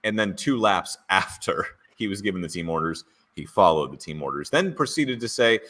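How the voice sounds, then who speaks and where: A man hosts a podcast in loose, joking chat, his fairly low voice bright and forceful and swinging widely in pitch. He teases as he goes, reading out quotes with playful relish. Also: lively intonation, normal speed, few pauses. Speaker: podcast co-host. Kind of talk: casual chat, reading out race radio quotes.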